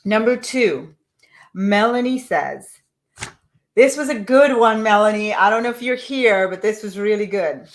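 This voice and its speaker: A woman's voice: mid-range voice, expressive, measured pace. Earnest woman coaching on a live call. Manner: earnest, reads messages aloud and asks listeners to reflect. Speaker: money mindset coach.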